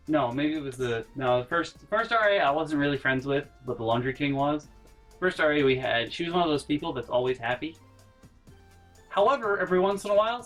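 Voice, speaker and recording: A young man vlogging college dorm stories in an animated way, acting out voices and sound effects and swearing casually. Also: on the high side. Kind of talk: casual storytelling vlog.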